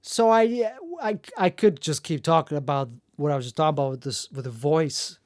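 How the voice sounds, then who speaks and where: Male solo host, gravelly voice, rambling and self-deprecating, dry close sound. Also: on the high side, normal speed, dry recording. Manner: self-mocking and jokey, full of restarts. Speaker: podcast host.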